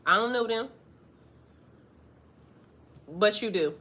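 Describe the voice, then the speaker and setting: A woman giving a casual spiritual monologue to her viewers, profane and animated, laughing often. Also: medium pitch, slow. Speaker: spiritual reader.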